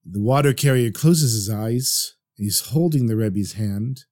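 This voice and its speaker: A man narrating a traditional story for a podcast in an earnest, lively way. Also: lowish voice, measured pace.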